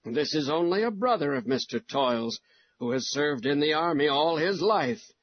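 A man voicing a composed male stranger who speaks in a calm, reassuring way. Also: a little high, normal speed, slightly rough, no echo. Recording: dull lo-fi recording.

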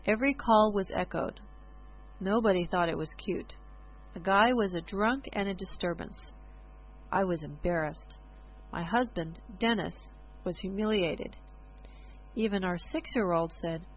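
A woman reading a first-person story aloud in a measured, expressive way. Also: medium pitch, lo-fi sound.

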